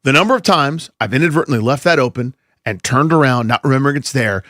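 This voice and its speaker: A man co-hosting a sports radio show in casual chat, telling stories in an animated way. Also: mid-range voice, quick pace, dry recording, studio quality. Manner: animated, storytelling. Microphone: studio microphone.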